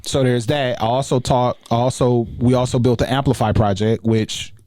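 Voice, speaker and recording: Relaxed man, mellow voice. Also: mid-range voice, moderate pace, no echo. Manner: relaxed, conversational, many fillers. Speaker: guest, education researcher. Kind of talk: casual podcast interview.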